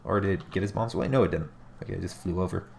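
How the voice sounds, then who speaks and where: Low creaky guy casting a game replay, nasal from allergies, keeps correcting himself. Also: rapid-fire, a little mellow, slight background noise. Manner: casual, musing, corrects himself mid-sentence. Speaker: game caster. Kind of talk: live play-by-play commentary on a strategy game replay.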